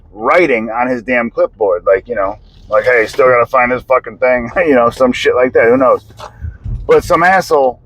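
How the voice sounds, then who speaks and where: An American man recounts a family story straight to camera. His speech rambles, loose with fillers and swearing, and breaks into short laughs. His voice sits at an ordinary middle pitch. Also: a bit bright, no echo, poor audio. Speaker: vlogger telling a family story. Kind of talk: casual personal storytelling.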